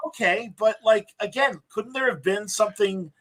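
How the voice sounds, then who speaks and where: A man's voice: high voice, normal speed, fairly bright tone, poor audio. A man co-hosting a podcast, rambling enthusiastically through a fan critique in casual chat. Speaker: podcast co-host.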